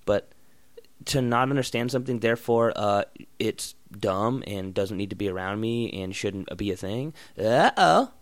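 A man's voice: on the low side, animated, measured pace, no room sound. Young man, casual rant, heavy swearing, blunt, dead-dry recording. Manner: blunt, swearing, loud bursts then mutters. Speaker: vlogger.

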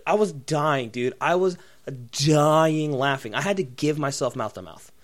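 A man's voice: fairly high pitch, measured pace. A man co-hosting a casual podcast, ranting in a profane, mocking way and acting out other people's voices. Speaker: podcast co-host. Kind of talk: profane comedic rant.

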